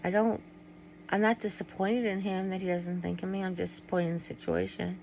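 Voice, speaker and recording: A middle-aged woman vlogs directly to her viewers with a slightly low, gravelly, darkish voice, talking fairly quickly with little pitch movement. Candid and rambling, she trails off mid-thought, restarts and is tearful at times, over a faint hum on a low-quality recording.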